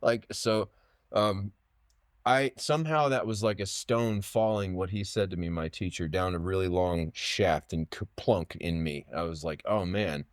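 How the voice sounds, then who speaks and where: A man in his late thirties speaks as a podcast guest in a low, deep voice. He tells stories casually, circling back with restarts and fillers, recorded dry and close. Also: measured pace, no echo. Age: late 30s. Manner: rambling, full of restarts and fillers. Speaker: podcast guest, poet and writer. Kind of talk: casual interview storytelling.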